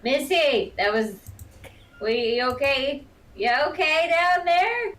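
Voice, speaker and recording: Woman, tabletop game player, teasing and giggly, high lively voice, slow talk. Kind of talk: casual tabletop game chat.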